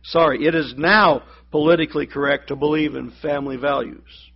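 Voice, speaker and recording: A man's voice: on the high side, fairly even intonation, brisk, vocal fry, dull audio, slight background noise. A man preaching a sermon, telling a joke and doing the voices of the people in it. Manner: storytelling, acts out voices in the joke. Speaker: pastor.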